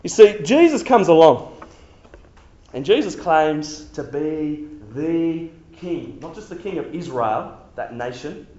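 A man giving a sermon to young people, animated and casual, repeating himself and acting out quotes. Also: fairly high pitch, slow pace. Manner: animated, repetitive, casual slang, acts out quotes. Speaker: youth preacher. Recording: very echoey hall, dull sound.

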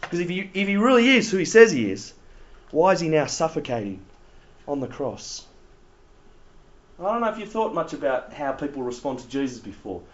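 A man gives a casual, animated Bible talk to young people, often laughing. His voice sits high and swoops widely. The recording is roomy and slightly dull. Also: normal speed, pauses often. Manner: animated, laughing, conversational preaching. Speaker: youth leader.

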